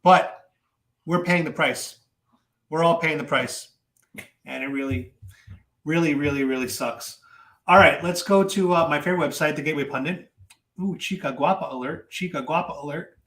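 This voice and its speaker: Excitable man in an echoey room. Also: a little high, moderate pace, long pauses. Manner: animated, talks to viewers, many fillers and repeats. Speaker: political commentary streamer. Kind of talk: casual political commentary.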